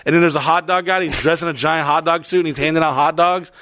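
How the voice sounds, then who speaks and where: Cast: young guy podcast co-host, somewhat high voice, crude, rambling, swearing a lot, dry close sound. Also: fast talker, dry recording. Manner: profane, rambling, animated. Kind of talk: crude comedic banter.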